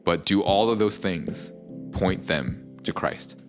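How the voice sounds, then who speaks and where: Deep-voiced pastor, reflective and unhurried. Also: male voice, expressive, music in the background. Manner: reflective storytelling with many fillers. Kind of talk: casual podcast conversation.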